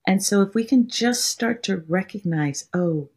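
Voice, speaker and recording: A woman's voice: mid-range voice, expressive, unhurried, a little mellow, breathy edge. A woman hosting a podcast, giving a meditation teaching talk with playful examples and a personal story.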